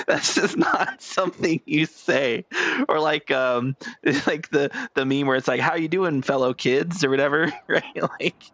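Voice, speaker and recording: A man's voice: on the high side, no room sound. A young man casually commenting on a video game while he plays, rambling and laughing. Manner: rambling, giggly, lively. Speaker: gaming streamer.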